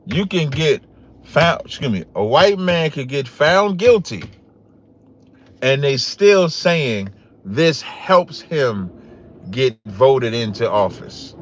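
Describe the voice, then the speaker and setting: A man's voice: mid-range voice, animated, slow pace, muffled recording. A man hosting a casual livestream podcast, talking straight to his chat with rising, emphatic outbursts and calling his viewers y'all. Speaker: podcast host.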